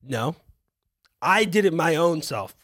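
A young man in casual crude banter, wry and quick to disagree. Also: on the high side, sing-song, a bit bright.

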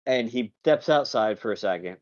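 A man's voice: mid-range voice, animated, normal speed, darkish tone, no room sound, highs cut off. A man narrating as game master in a laid-back way, chuckling as he describes scenes.

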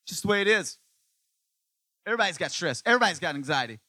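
Bright high-voiced man preaching. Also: expressive, quick pace, dry recording. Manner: swings between loud emphatic lines and quiet low stretches; repeats phrases for emphasis and asks the listener questions. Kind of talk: sermon.

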